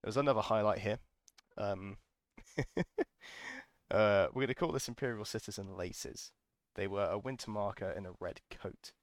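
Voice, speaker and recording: A man's voice: on the low side, fairly quick, dry recording, studio quality. A man hosting a podcast, telling a casual, enthusiastic story full of ums and restarts. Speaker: podcast host.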